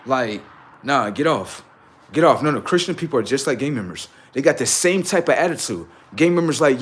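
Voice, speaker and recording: Animated, profane man ranting on a livestream. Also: mid-range voice, fairly quick, slightly rough. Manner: animated, profane, preachy, rising to shouts. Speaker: livestream host. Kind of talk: unscripted livestream rant.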